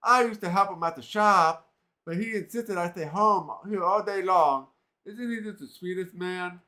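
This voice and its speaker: A man's voice: high-pitched, normal speed, bright, forceful tone. A man reading the lines of a gushing, nonstop-talking middle-aged woman from a role-playing game. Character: chattering middle-aged matchmaking woman, endless talker.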